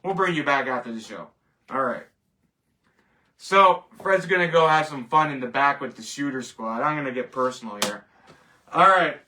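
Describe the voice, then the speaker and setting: A man's voice: medium pitch, normal speed, bright, forceful tone. A man hosting a casual rant show, rambling and emphatic, scoffing at each verdict. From Canada. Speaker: show host. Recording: voice distant from the mic.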